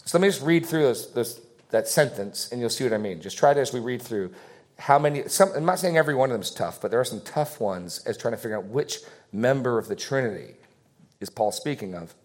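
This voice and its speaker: A man teaching a Bible passage to his congregation in a conversational way, thinking aloud with fillers and slowing down to stress the verses he reads. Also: medium pitch, lively intonation. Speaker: pastor.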